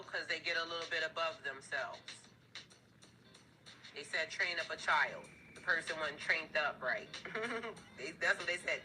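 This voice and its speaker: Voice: mid-range voice, bright, forceful tone, poor audio. A tarot reader giving a casual, blunt reading to viewers, swearing freely, laughing, and getting heated as the cards turn up. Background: background music.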